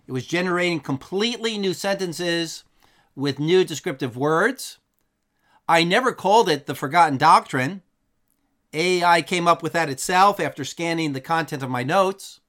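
Bright-toned earnest man teaching to camera. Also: on the high side, measured pace. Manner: earnest, reflective, with repetitions and fillers. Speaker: YouTube channel host and Bible teacher. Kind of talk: casual commentary to camera.

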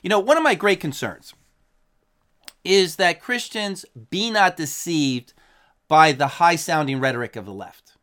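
Higher-voiced man preaching with emphasis. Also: expressive, a little slow, fairly bright tone. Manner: earnest, emphatic, reads quotes aloud. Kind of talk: sermon with scripture and news quotes.

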